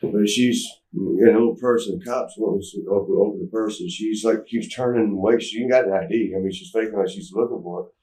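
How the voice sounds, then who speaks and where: Low-voiced man telling a rambling story. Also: brisk, dark tone. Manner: rambling with restarts, acting out quotes, laughing. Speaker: interview guest. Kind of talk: candid storytelling interview. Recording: roomy, mic at some distance.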